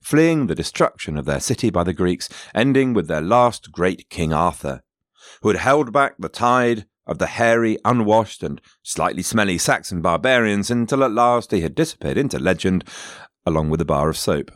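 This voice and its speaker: A man's voice: low voice, animated, normal speed, dry recording, clean studio sound. A man narrating history as a podcast host, with wry asides and digressions spoken directly to his listeners.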